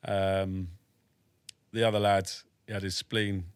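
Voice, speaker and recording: A veteran of the army from the UK, roughly forty, tells a casual story on a podcast in a slow, clear, resonant low voice with little pitch movement and no echo. He's blunt and matter-of-fact, adding dry humour and swearing.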